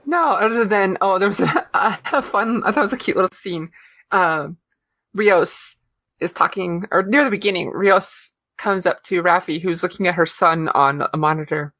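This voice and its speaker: Chatty woman podcast co-host, low voice. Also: fairly bright tone, no room sound. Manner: chatty retelling with fillers and laughs. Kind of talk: casual chat.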